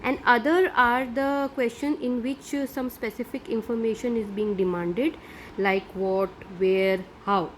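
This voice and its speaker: A woman's voice: fairly high pitch, steady tone, unhurried, a little hiss or hum. Patient woman teaching French. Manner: patient, explains step by step with frequent "uh" and "right?". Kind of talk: classroom grammar lesson.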